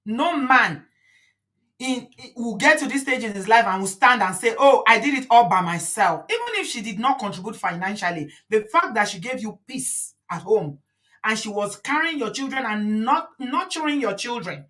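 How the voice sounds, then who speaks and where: A Nigerian-accented woman in her forties hosts her own channel, offering outspoken, emphatic opinions and drifting into Pidgin. Her voice sits on the high side with a sharp tone, lively intonation and a normal speaking speed.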